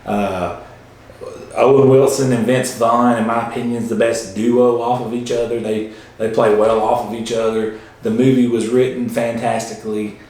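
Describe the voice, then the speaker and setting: A man co-hosts a casual movie chat at a mid pitch, excitable and quick to swear, full of "like" and "you know". A heavy room echo hangs on his voice. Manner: excitable, swears, many fillers. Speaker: co-host. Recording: very echoey room.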